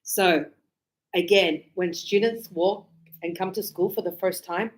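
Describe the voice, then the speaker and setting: A woman's voice: lowish voice, measured pace. A woman English teacher explaining casually to her class and acting out little quoted exchanges. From Australia. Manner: animated, acts out short quoted exchanges.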